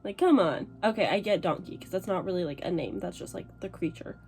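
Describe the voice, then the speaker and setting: A young woman vlogging casually about a book she is reading, with animated, dramatic reactions. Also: lowish voice, fast, faint music behind. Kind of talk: casual reading vlog chat.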